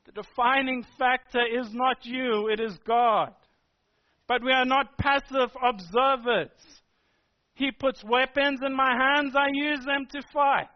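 A man with a very high voice preaches a sermon, pressing each point with repeated, emphatic phrases. The recording sounds dull and lo-fi. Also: steady tone, unhurried. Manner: emphatic, repetitive preaching cadence.

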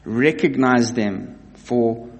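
Male preacher, mid-pitched, earnest emphatic sermon delivery with repetition, recorded with long hall reverb. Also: slow, vocal fry. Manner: earnest, emphatic, repeats key phrases.

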